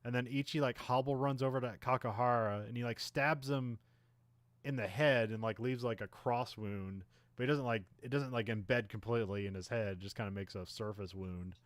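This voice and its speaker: A man co-hosting a casual podcast, recapping a film in a rambling way, full of "like" and "uh", and briefly acting out the characters' lines. His voice sits at a middling pitch, recorded dry and close with no room sound. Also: moderate pace, no room sound. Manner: rambling, many fillers, acts out characters' lines. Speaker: podcast co-host. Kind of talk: casual movie recap chat.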